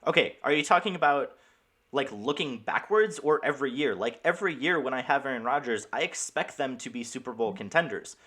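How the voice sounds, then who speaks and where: A man's voice: medium pitch, fairly quick. An American man and podcast co-host in a casual sports debate, pushing back firmly and giving reasons. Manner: lively, firm, reasoned pushback.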